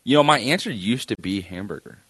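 A man's voice: lowish voice, lively intonation, a little fast, fairly bright tone, husky, dry recording. A young man co-hosting a podcast, chatting in a laid-back, joking way and swearing casually. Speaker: podcast co-host. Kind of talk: casual chat.

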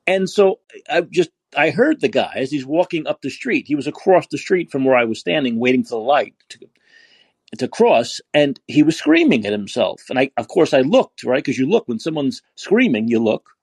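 Ranting husky-voiced man host. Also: mid-range voice, very animated, normal speed, darkish tone, no echo. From New York. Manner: ranting, profane, repeats himself. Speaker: podcast host. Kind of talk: call-in podcast monologue. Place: San Francisco.

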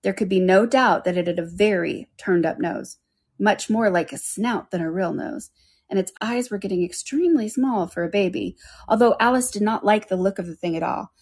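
A woman reads a classic children's story aloud at an even pace. Her voice has a husky, breathy texture and a middle pitch. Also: normal speed. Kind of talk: reading a children's book aloud.

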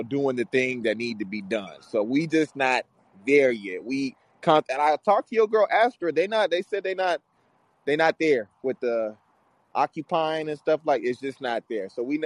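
A man's voice: medium pitch, moderate pace, no room sound. A man calling in to a podcast, joking and rambling in loose slang. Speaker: caller. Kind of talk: casual call-in chat.

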